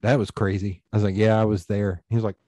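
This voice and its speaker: Man, warm mellow voice, dry close sound, rambling anecdotes with acted-out dialogue. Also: fairly low pitch, level tone, quick pace, no room sound. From East Tennessee, USA. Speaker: podcast guest. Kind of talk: casual storytelling conversation.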